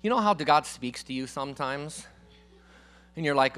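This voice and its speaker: An older guest preacher delivers a sermon in church in a high, bright, animated voice at normal speed, with long pauses. Casual yet emphatic, he swings between booming declarations and hushed asides and keeps calling on the congregation for an amen.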